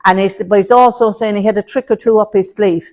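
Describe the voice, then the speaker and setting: A woman's voice: medium pitch, steady tone, quick pace. A woman giving a mediumship demonstration to an audience, relaying messages in a chatty way and calling people love and darling. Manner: chatty, warm terms of address, relays messages in quotes. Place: spiritualist centre hall before an audience.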